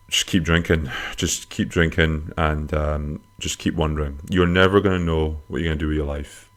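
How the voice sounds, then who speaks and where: Low-voiced bloke, comic podcast host, rambling and crude, jumps into squeaky bits for jokes. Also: male voice, level tone, moderate pace, hardly any pauses. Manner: rambling, crude, self-mocking humor with sudden high-pitched jokey swings. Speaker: podcast host answering listener questions. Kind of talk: casual comic podcast monologue.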